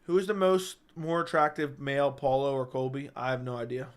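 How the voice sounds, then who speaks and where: A man's voice: medium pitch, steady tone, brisk. A man hosting a casual live-stream chat, answering viewers while stuck with hiccups, stopping and restarting his sentences. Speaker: MMA channel host.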